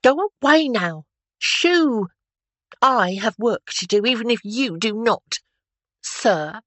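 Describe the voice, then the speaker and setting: A man's voice: high voice, lively intonation, takes it slowly, a bit bright, dry recording, voice pushed up, exaggerated voice. A man reading an audiobook, voicing a bossy young washerwoman who scolds an officer. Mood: scolding. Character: fierce scolding washerwoman, young adult woman.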